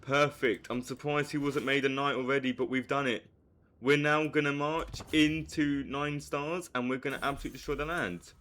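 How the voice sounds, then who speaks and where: Excitable man streaming a strategy game. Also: normal speed. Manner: excitable, swings from low muttering to hyped shouting. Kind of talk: live gameplay commentary.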